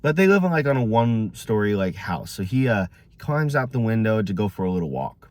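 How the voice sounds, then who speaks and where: A man's voice: fairly low pitch, sing-song, a little fast, darkish tone. A man telling a joke story casually, rambling with many fillers.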